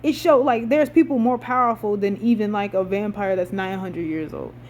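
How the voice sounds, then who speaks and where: A woman's voice: mid-range voice, normal speed. A young woman, ranting casually and swearing, with dramatic outbursts. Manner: animated, swears a lot, dramatic rising outbursts. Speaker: vlogger. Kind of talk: casual rant about a TV show.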